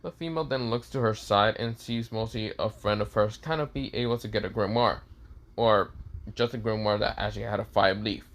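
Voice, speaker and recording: A man's voice: lowish voice, fairly quick, a bit bright. A man casually narrating a fan story, rambling with lots of fillers and restarts.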